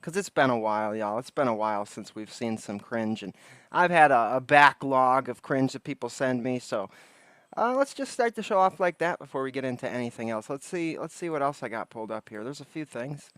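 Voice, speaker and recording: A man's voice: mid-range voice, expressive, brisk, fairly bright tone, clear, resonant tone, dry recording. A man hosting a casual late-night livestream, joking around and greeting chatters by name from his porch. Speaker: livestream host. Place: outdoors on a porch.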